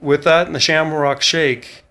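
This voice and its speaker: A man's voice: fairly high pitch, fairly even intonation, a little slow, sharp tone. A man chatting casually in a vlog diary, rambling with fillers and chuckles, tired after a long day of running. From Canada. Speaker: vlogger on a cross-country run.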